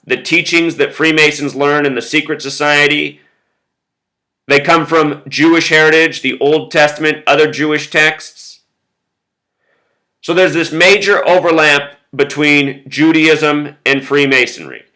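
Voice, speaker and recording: A man's voice: on the high side, steady tone, unhurried, sharp tone, low-quality recording. A man talking straight to his viewers in a casual monologue, emphatic, with lists of repeated words and frequent "you know". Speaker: video blogger.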